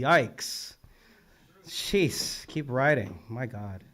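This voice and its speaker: Young male open mic host, excitable, hushed asides turning into loud shout-outs. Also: a little high, moderate pace, creaky. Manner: enthusiastic, swearing, quoting poets, shifting from soft murmurs to loud shout-outs. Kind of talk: live open mic recap, reading back lines. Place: poetry venue on a stage with an audience.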